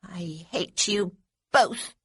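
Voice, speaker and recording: A woman's voice: sits high, big pitch swings, takes it slowly, no room sound, clean studio sound, voice pushed up, exaggerated voice. A woman doing a prim, bossy little girl. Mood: hurt. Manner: prim and demanding, then screaming. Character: young girl, bossy and easily hurt.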